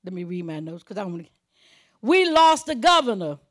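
A woman preaching a sermon in an emphatic, conversational way, moving between loud declarations and quiet asides. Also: mid-range voice, sing-song, normal speed. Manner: chuckles while preaching, conversational.

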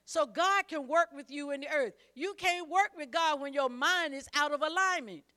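A woman preaches a sermon in a high, bright, pushed voice at a moderate pace. She is emphatic and repetitive, repeating phrases and calling on the congregation to say the words back to her.

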